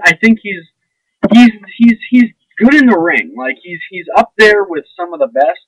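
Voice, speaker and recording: A man's voice: high-pitched, a bit bright, no echo, poor audio. Blunt, sarcastic young man ranting. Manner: blunt, sarcastic, profane, rambling. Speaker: vlogger. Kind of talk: casual ranting monologue.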